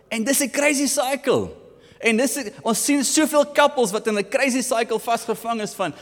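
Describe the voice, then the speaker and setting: A man with a South African accent preaching a sermon, animated and switching between English and Afrikaans. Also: very high voice, normal speed, long reverb tail. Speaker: pastor.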